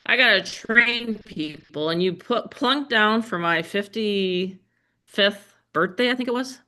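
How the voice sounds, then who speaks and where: Chatty bright-voiced woman in her fifties. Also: medium pitch, takes it slowly. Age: 50s. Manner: chatty, laughing, rambling asides. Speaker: business trainer. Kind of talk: casual group call. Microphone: headset or desk microphone.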